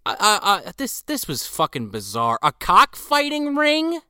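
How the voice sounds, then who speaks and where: A man co-hosting a casual movie review podcast who talks excitedly and swears as he acts out scenes. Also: high voice, a little slow, smooth, dry recording, clean studio sound. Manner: excited, profane, acts out bits. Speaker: podcast co-host.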